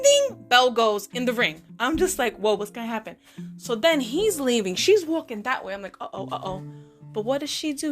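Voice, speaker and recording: A woman hosting a podcast, telling a story in a sassy, animated way with playful slang. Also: a little high. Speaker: podcast host. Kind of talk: casual storytelling monologue.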